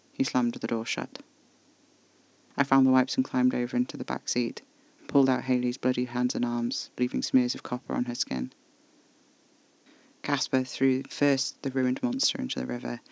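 A man reading scripted first-person horror narration in a measured, level way, close to the mic. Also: medium pitch, vocal fry, no echo, low-quality recording.

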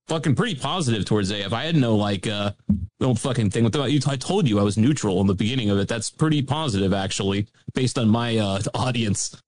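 A man's voice: medium pitch, a little mellow, dry recording. A man hosting a podcast, arguing hotly with a caller, sarcastic and mocking, swearing often. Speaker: podcast host. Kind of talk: heated argument on a call-in show.

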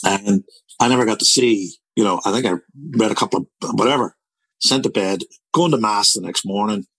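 Husky older Northern Irish man. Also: on the low side, fairly quick, fairly bright tone, dry recording, low-quality recording. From Belfast, Northern Ireland. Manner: rambling, repeats words while telling a story. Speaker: interviewee. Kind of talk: storytelling conversation.

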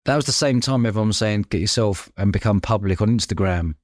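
A man, telling lively anecdotes in a casual podcast chat and acting out the voices of people he quotes. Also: lowish voice, fast talker, no echo, clean studio sound. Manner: animated anecdotes, acts out quoted voices, laughs often. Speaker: podcast host.

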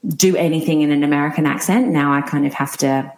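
Low-voiced woman, wry and joking. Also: steady tone, fast, a little mellow. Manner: wry, self-mocking, jokey. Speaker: guest actor. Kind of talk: casual podcast chat.

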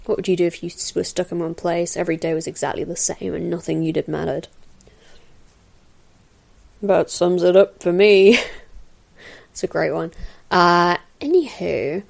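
Her voice is lowish and creaky, with a steady tone, normal speed, and frequent pauses. As a podcast host she chats her way through a film commentary in a meandering style full of fillers and soft laughs, recorded on a new podcast mic.

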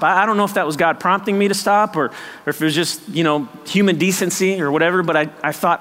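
A man preaching a sermon, lively and conversational, acting out people's excuses and laughing at himself. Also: high-pitched, quick pace, big-room sound. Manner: animated, acts out voices of doubters, laughs often. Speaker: pastor.

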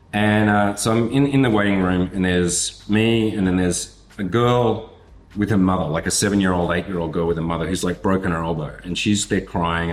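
Deep-voiced man telling a swearing anecdote. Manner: animated, swearing, acts out voices and moments. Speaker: storytelling coach. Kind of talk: teaching storytelling through a personal anecdote.

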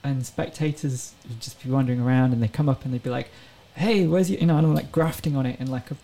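Woman in her 30s, guest on a chat show, earnest and chatty, lots of gravel and fry in her voice. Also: a bass voice, fairly even intonation, quick pace, mellow, low-quality recording. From England. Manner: earnest, reflective storytelling. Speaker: guest racing driver. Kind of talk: casual interview chat.

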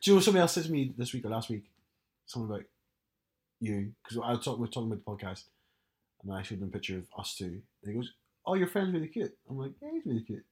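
A man's voice: lowish voice, lively intonation, racing, pauses often. A man co-hosting a podcast, chatting casually with dry, teasing humor. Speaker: podcast co-host. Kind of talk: casual chat.

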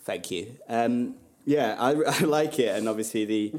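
A man co-hosting a casual film podcast, hesitant with ums and quick to laugh. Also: mid-range voice, a little hiss or hum. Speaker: podcast co-host. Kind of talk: casual chat about a film.

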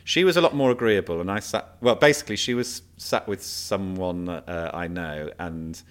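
A man, a comedian, chatting casually and telling animated anecdotes with frequent fillers and restarts. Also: low voice, normal speed. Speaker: comedian guest. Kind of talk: casual chat, storytelling.

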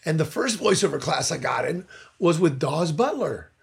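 An older man with a high, gravelly, husky voice, worn from years of use. He tells stories in a relaxed interview, jumping into lively voices for the people in his anecdotes. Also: moderate pace. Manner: animated storyteller who acts out voices in anecdotes. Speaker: voice actor and director. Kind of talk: casual interview storytelling.

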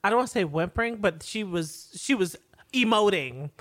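Laid-back podcast co-host, mid pitch. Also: animated, normal speed, a bit bright. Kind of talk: casual TV recap chat.

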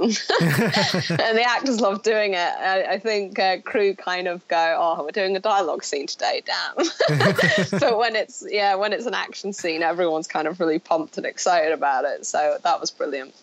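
A fairly low-pitched woman with an English accent, from Scotland, talks casually about her acting work and laughs easily between thoughts. Her voice is dry and close, with no room sound around it. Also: dry recording, dull audio. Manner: chatty, laughs often. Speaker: actress, interview guest. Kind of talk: casual chat.

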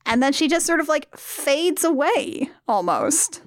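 A woman co-hosting a casual movie chat, effusive and animated, often quoting characters in playful voices. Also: high voice, unhurried, no room sound, studio quality. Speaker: podcast co-host.

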